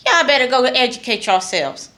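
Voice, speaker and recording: A woman's voice: high-pitched, big pitch swings, moderate pace, a bit bright. A woman from New York with a New York accent, giving a blunt, emphatic political rant to her viewers and repeating lines for emphasis. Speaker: vlogger.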